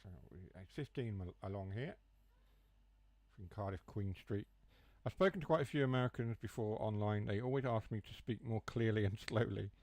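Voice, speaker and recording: Streaming a train simulator, a young man from the Mansfield area of England chats casually in a broad Huthwaite, Nottinghamshire accent, dropping his H's and T's as he rambles through jokey asides. His low voice is a little mellow and moves at a normal speed. The recording is dry and close, with no room sound or echo.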